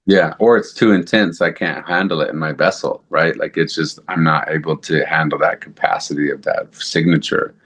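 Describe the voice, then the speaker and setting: A man as a podcast guest, telling a personal story in a casual, animated way, acting out quotes with lots of fillers. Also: extremely low pitch, moderate pace, hardly any pauses.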